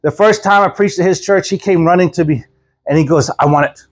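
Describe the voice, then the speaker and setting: A man's voice: sits high, fairly quick, rough recording. A man from Texas, a traveling preacher, giving an informal, folksy sermon and often repeating words as he tells stories. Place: church gathering.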